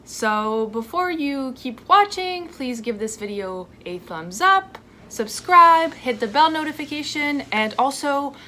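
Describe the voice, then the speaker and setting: A woman in her twenties from France, talking casually in a sit-down vlog at home, chatty and lively with asides. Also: sits high, a little slow, few pauses. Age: 20s. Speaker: vlogger. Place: home indoors. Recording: faint dishwasher noise at home. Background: dishwasher noise.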